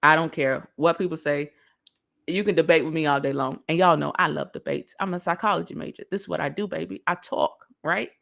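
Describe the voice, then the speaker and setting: Gravelly-voiced woman giving a pep talk. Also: low-pitched, a little fast. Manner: lively, preachy, talks straight to viewers. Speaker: motivational speaker. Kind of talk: casual motivational talk.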